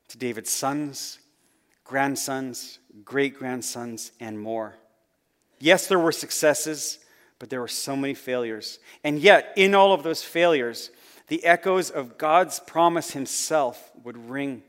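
Male pastor, sermon, earnest, mid-pitched voice, soft low phrase endings, long hall reverb.

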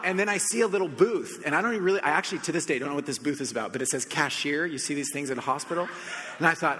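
A man from the United States preaching a sermon, telling a personal story with animated shifts between soft reflection and excited emphasis. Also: a little high, quick pace. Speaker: pastor. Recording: long hall reverb.

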